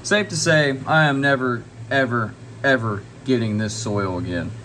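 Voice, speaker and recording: A man's voice: medium pitch, normal speed, bright, forceful tone, slight background noise. A young man filming himself by an indoor grow tent, ranting angrily and swearing about his failed plants. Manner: angry, swearing, exasperated. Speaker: home grow vlogger. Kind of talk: frustrated casual vlog rant.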